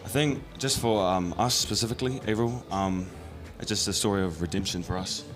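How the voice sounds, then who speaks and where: Deep-voiced young man, hesitant interview answers. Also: brisk, soft background music. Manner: hesitant, lots of ums, modest. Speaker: student band leader interviewed.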